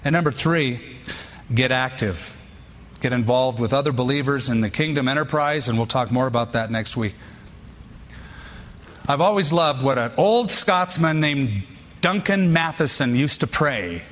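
A man's voice: medium pitch, expressive, a little slow, fairly bright tone. Preaching man in a reverberant hall. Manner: emphatic, punchy preaching with short repeated lines. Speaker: pastor. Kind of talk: sermon.

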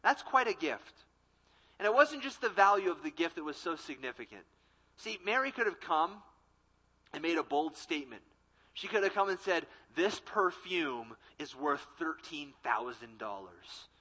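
A young adult man, a college ministry pastor, delivering a sermon with emphatic repetition and quick acted-out quotes. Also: sits high, expressive, bright, forceful tone, slightly rough, poor audio.

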